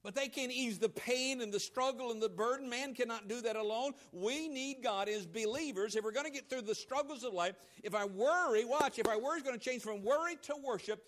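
A male pastor preaches a sermon, moving between loud, emphatic lines and quiet, low asides. He acts out quoted voices as he goes.

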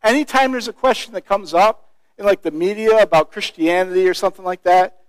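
High-voiced male street evangelist storyteller. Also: a little fast, clear, resonant tone, no echo, low-quality recording. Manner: animated storytelling that acts out other people's voices. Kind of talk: personal storytelling.

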